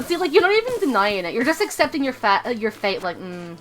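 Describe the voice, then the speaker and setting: Lively bright-voiced woman streamer. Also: fairly high pitch, fairly quick. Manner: rambling, joking, many fillers. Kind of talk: casual game stream chat.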